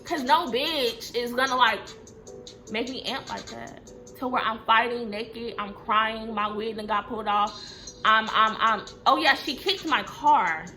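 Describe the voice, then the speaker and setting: A young woman telling a storytime vlog in a blunt, profane, animated way. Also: a little high, measured pace, faint music behind. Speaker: vlogger.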